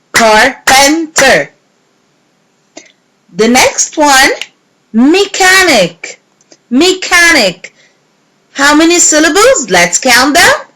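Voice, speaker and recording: A woman teacher giving a recorded English lesson to young pupils, repeating words slowly and clearly. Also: sits high, a bit bright, rough recording. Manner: slow, clear, repeating words and clapping syllables.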